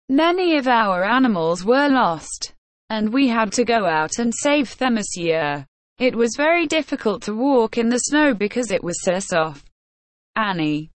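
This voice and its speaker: A woman narrates a storybook at a very slow, careful pace, every word laid out evenly. Her voice sits at a middle pitch, and the recording is dry and close. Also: no room sound. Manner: slow, careful, even reading. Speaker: audiobook reader.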